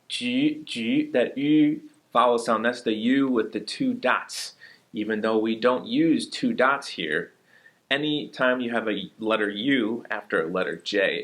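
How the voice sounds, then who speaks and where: A man teaching a language lesson, patiently demonstrating sounds slowly and repeating them. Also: mid-range voice, fairly bright tone. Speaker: Chinese teacher.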